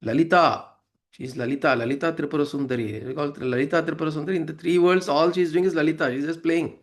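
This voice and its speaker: A man's voice: on the high side, fairly even intonation, fast. A man giving a devotional talk that explains verses to listeners, conversational and often checking in with "right?". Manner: conversational, acts out quoted voices, asks listeners "right?". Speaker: spiritual teacher.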